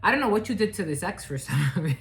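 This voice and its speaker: A woman's voice: lowish voice, big pitch swings, quick pace. A woman giving a casual spiritual reading, blunt and profane, who rambles, restarts and laughs often. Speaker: psychic reader.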